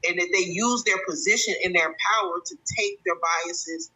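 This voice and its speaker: A woman's voice: on the low side, normal speed, sharp tone, husky, low-quality recording. A woman hosting a livestream commentary show, reading chat and reacting with indignation, often restarting her sentences.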